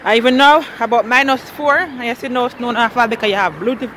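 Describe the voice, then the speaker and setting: A woman's voice: a little high, fast, hardly any pauses. A woman with a Jamaican accent chatting playfully into a handheld phone camera outdoors, teasing with questions and laughing often. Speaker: family vlogger. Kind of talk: casual vlog chat. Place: outdoors on a cold street. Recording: outdoor street noise.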